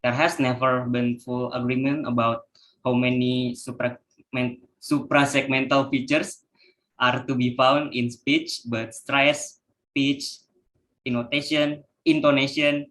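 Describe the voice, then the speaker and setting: A man's voice: medium pitch, flat delivery, takes it slowly, fairly bright tone, rough recording. A young man reading a class presentation aloud from his notes, stumbling over technical terms. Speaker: student presenter.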